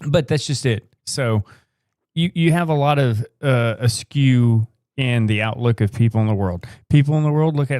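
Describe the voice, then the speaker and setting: A man's voice: medium pitch, normal speed, darkish tone, dry recording, studio quality. An American man co-hosting a live podcast, rambling through opinions with casual swearing. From United States. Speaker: podcast co-host.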